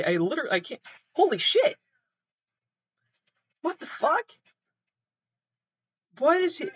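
A man's voice: high-pitched, fairly bright tone, breathy edge, no echo. A man hosting a podcast, reacting to online clips in a rambling, sweary, exasperated way with lots of restarts. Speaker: podcast host. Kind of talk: casual reaction commentary. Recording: dull, muffled, dry sound.

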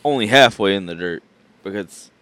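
A man's voice: lowish voice, animated, normal speed, a bit bright, no room sound. A man co-hosting a casual podcast chat, laid-back with blunt, crude comebacks. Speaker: podcast co-host.

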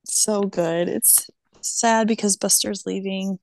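A woman's voice: medium pitch, fairly even intonation, takes it slowly, gravelly, darkish tone, slight background noise. A young woman in a casual chat, speaking in a nostalgic, hesitant way with many fillers.

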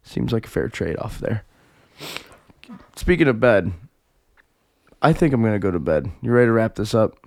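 A man's voice: fairly low pitch, big pitch swings, moderate pace, creaky, pauses often, a little mellow, dry recording. A man co-hosting a podcast in casual chat, joking and nudging his partner along. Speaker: podcast co-host.

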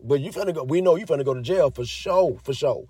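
A man's voice: on the high side, fast talker, a little mellow, slightly rough, no echo, clean studio sound. A young man ranting heatedly to his viewers, cursing heavily and repeating himself as he gets worked up. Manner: heavy cursing, fired up, repetitive. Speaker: commentator. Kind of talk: heated casual rant to viewers.

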